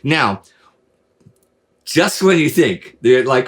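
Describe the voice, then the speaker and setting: Guy hosting a history chat, mid pitch, animated storyteller with lots of asides. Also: fairly quick. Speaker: host.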